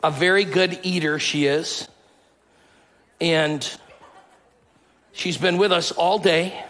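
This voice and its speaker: A man's voice: a little high, steady tone, slow pace, a bit bright, rough recording. A male pastor preaching a conversational sermon and calling out to his congregation.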